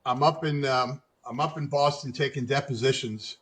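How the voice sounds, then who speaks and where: A middle-aged man, a guest attorney, talking in a measured, halting way with frequent pauses and fillers as he is interviewed. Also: medium pitch, steady tone, a bit bright. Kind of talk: conversational interview.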